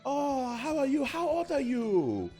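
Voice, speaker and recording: Brief: blunt older woman waitress, high and clipped, put on by a man. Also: wildly swooping pitch, a little slow, warm tone, soft background music, heavily acted. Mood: puzzled.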